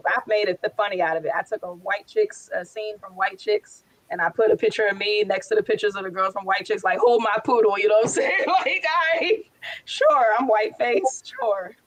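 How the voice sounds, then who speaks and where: Woman on a panel telling funny stories, playful and lively. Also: mid-range voice, low-quality recording. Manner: animated, playful storyteller. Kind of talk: casual panel discussion.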